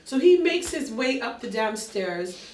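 A woman comedian in casual chat, telling stories in a lively, blunt way with swearing. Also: fairly high pitch, unhurried, a little hiss or hum. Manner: lively storyteller, blunt and profane. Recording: roomy sound, mic at a distance.

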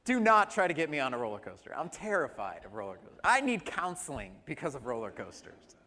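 A man's voice: medium pitch, huge pitch swings, quick pace, sharp tone, big-room sound. A man preaching a sermon as pastor, telling a humorous personal story. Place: church sanctuary.

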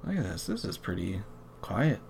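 Gravelly, low-voiced man chatting. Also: big pitch swings, moderate pace, background noise. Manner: candid and blunt, swears casually. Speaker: podcast co-host. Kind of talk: casual chat about video games.

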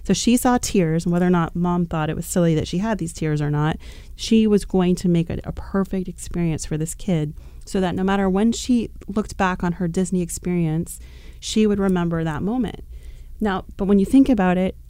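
A woman on a podcast telling an animated, chatty story, with plenty of fillers. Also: on the low side, normal speed, smooth, dry recording, clean studio sound. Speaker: podcast guest.

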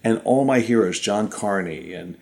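Gravelly low-ish guy in his 50s telling stories, does little voices for the people he quotes. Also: moderate pace. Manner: animated anecdotes, mimics people he quotes. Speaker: guest, magician. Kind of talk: casual storytelling.

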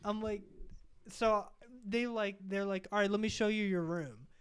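High, smooth-voiced young man. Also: normal speed. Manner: rambling, profane, animated storytelling. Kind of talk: casual podcast chat.

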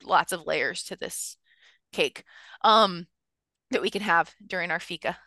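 Bright-voiced woman podcast co-host. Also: lowish voice, unhurried, no room sound, clean studio sound. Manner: thoughtful, wry, rambling. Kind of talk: casual chat.

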